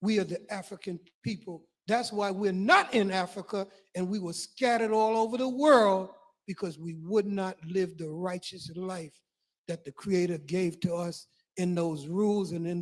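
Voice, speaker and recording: A man's voice: high voice, normal speed. Impassioned older man preaching to a crowd. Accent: non-Guyanese. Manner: preacherly, emphatic lists, rising and falling volume. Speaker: community speaker. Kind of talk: impassioned public address.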